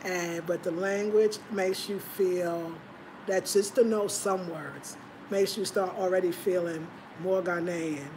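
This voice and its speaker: A woman hosting a casual livestream from home, chatting and reading out viewer comments in an animated, talkative way. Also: lowish voice, slow pace, noisy background. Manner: animated, chatty, breaks into laughter. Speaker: livestream host.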